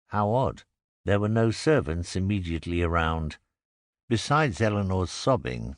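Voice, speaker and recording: A man narrates an audiobook in a low voice that rises and falls with the story. His pacing stays measured and expressive. The recording is close and dry, from a booth. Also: no room sound. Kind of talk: scripted narration. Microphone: close studio mic.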